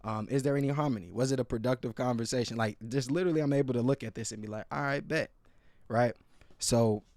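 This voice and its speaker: Male podcast host, earnest and emphatic, lots of slang, mid pitch, dry close recording. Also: darkish tone, dry recording. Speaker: podcast host and restorative practitioner. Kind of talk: casual podcast chat.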